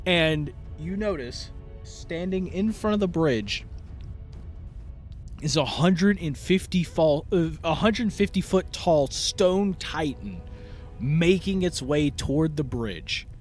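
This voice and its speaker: Lively, rambling game master. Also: male voice, on the high side, takes it slowly, faint music behind. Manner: lively, meandering, many fillers. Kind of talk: narrating a tabletop game.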